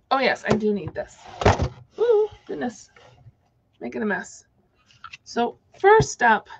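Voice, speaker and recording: Gravelly-voiced woman demonstrating a craft. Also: fairly high pitch, highs cut off. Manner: chatty, thinking aloud with fillers. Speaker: card-making demonstrator. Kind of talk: casual crafting tutorial.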